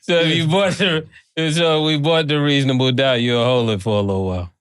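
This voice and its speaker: A man's voice: mid-range voice, fairly even intonation, fairly quick, fairly bright tone, clear, resonant tone. A man asking teasing questions in a casual interview, drawing out his words.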